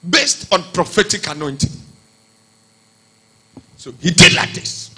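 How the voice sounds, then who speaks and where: Husky pastor, preaching sermon, bright animated delivery swinging between hush and shout. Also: male voice, high voice, unhurried, low-quality recording.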